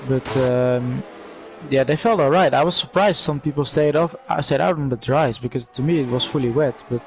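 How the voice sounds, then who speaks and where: A man's voice: mid-range voice, moderate pace. A man who raced joins the commentary and casually recounts his race, laughing now and then. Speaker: sim-racing driver joining commentary. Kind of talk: casual chat. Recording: clearly audible background noise.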